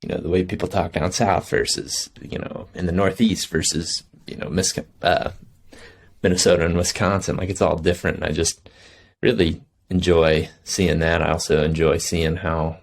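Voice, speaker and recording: A man's voice: sits low, flat delivery, moderate pace, gravelly. A man who is a hunter, a guest on a podcast, speaking in an earnest, reflective way in casual conversation. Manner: earnest, reflective, laughs easily.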